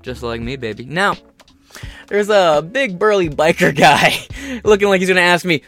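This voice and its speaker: A podcast host with a slightly high male voice riffs sarcastically on a news story. He swears freely and wanders off on tangents. Faint music plays softly behind him. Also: normal speed. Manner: sarcastic, profane and rambling. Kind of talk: opinionated news commentary.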